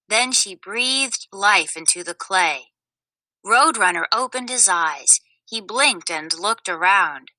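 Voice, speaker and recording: A woman reading a children's story aloud in a clear, expressive way. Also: medium pitch, slow pace, no echo, rough recording. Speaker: storybook narrator.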